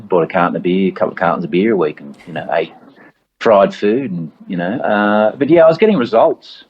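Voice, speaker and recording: A middle-aged Australian man talks in an easygoing, storytelling way, often breaking into laughter. His voice sits on the low side. The recording sounds a little dull and lo-fi. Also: slightly rough. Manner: laid-back storytelling with frequent laughs and acted quotes. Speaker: comedian guest. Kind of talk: casual chat.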